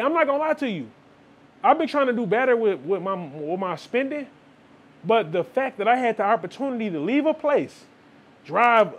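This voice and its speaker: A young man with a high, light voice, talking straight to his viewers. He lectures in a loose, preachy way and keeps throwing in "man" and "like". It is a casual motivational vlog monologue. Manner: preachy, repeats "man" and "like", quotes people in asides. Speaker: vlogger.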